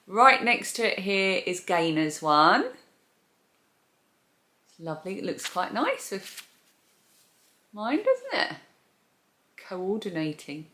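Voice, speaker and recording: A woman's voice: medium pitch, big pitch swings, slow, pauses often, bright, forceful tone. A woman hosting a crochet and knitting podcast. She chats casually while showing yarn and laughs at her own poor memory. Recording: echoey room.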